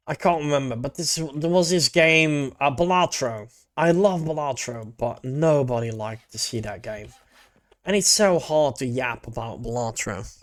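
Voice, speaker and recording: A man's voice: mid-range voice, unhurried, no echo, clean studio sound. A male VTuber chatting casually with his stream, laid-back and rambling, with casual swearing.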